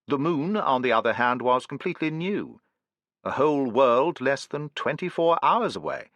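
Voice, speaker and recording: A man voicing a calm, unflappable English witness who speaks slowly and precisely with an English accent, in an audiobook reading. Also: medium pitch, no room sound, clean studio sound. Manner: slow, careful, precise.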